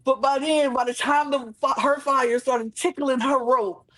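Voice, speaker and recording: Male podcast co-host, AAVE, casual recap chat, very animated, dramatic pitch jumps. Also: measured pace. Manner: animated, acts out reactions with big pitch swings.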